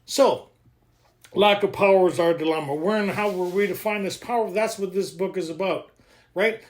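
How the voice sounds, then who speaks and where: A man leading a recovery workshop, joking, excitable and laughing often as he explains the reading. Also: high-pitched. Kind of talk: animated teaching talk.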